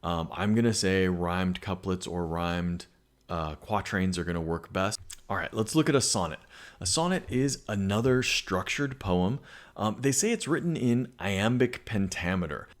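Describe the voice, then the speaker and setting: A man's voice: low voice, lively intonation, moderate pace. A male English teacher giving a recorded lesson, explaining patiently and reading poems aloud, with frequent fillers.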